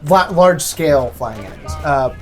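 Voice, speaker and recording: A game master casually running a tabletop game and explaining rolls. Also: male voice, medium pitch, expressive, moderate pace, soft background music.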